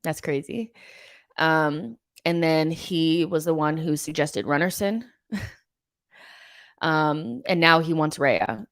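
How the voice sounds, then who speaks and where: A young woman hosts a live football fan stream, reading viewer comments and weighing in bluntly. Her voice sits low and sounds dry and close. She talks loosely, with frequent ums and likes. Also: no room sound. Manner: chatty, many ums and likes, frank opinions. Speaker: host of a football fan show.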